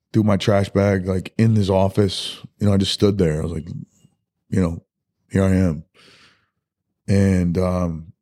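A man as a podcast guest, telling his life story in a loose, candid way, halting and full of "like" and "dude". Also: low voice. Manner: soft-spoken and candid. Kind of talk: personal life story in a casual podcast interview.

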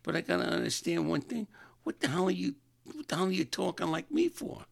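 A man's voice: sits high, expressive, brisk, creaky, voice pushed up, heavily acted. A man voicing a blunt young woman with a cleft lip while retelling a date story. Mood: irritated. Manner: blunt, speaking in an imitated lisp.

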